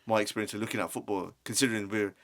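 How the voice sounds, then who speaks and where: A man hosts a casual interview. His voice is fairly low. He builds long questions with many restarts and asides. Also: fairly even intonation, very fast. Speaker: podcast host.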